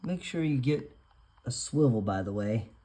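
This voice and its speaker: A man's voice: medium pitch, expressive, moderate pace, very noisy. A man casually explaining a car repair step by step while he works, cracking self-deprecating jokes along the way. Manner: joking, self-deprecating asides. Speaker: DIY car mechanic host. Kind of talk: casual how-to narration while working.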